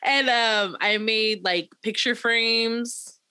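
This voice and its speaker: A young woman co-hosting a podcast in casual chat, chatty and laughing often, quoting cartoon characters in a higher voice. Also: takes it slowly, sharp tone, clean tone, no echo. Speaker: podcast co-host.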